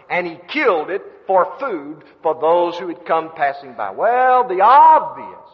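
A man preaching a sermon in a folksy storytelling manner that rises into emphatic bursts. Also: fairly high pitch. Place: seminary hall. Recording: dull lo-fi echoey hall recording.

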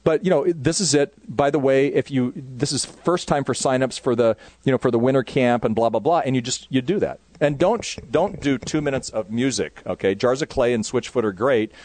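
A man's voice: medium pitch, a little fast, hardly any pauses, darkish tone, no room sound. A man speaking casually to youth workers at a conference, rambling with lots of fillers.

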